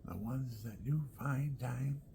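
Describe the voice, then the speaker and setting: A man telling rambling personal stories at home, often dropping into soft whispered asides. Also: mid-range voice, takes it slowly, creaky, slight background noise.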